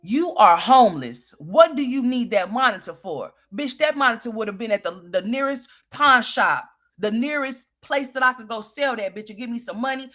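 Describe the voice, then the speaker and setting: A woman's voice: on the high side, lively intonation, normal speed, few pauses, fairly bright tone. Woman commentator ranting her opinions, blunt, profane, hammering questions. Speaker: online commentator.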